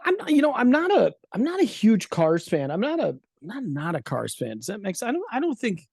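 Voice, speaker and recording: A man's voice: on the high side, gravelly, no room sound, studio quality. A man from Rochester, New York, co-hosting a casual album-review chat, rambling and correcting himself as he goes. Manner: rambling, self-correcting, animated asides. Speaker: co-host.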